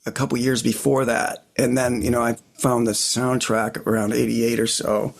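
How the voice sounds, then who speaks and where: A middle-aged man co-hosts a casual podcast about guitars, speaking into his own desk microphone. His mid-range, creaky voice is flat and moderately paced as he rambles reflectively, often adding "you know what I mean" asides.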